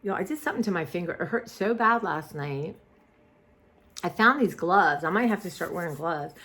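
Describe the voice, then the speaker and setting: A woman chats casually to her camera. Her voice sits a little low for a woman. She rambles, trails off and restarts her thoughts often. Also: expressive, brisk, fairly bright tone. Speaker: vlogger. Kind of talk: casual chat.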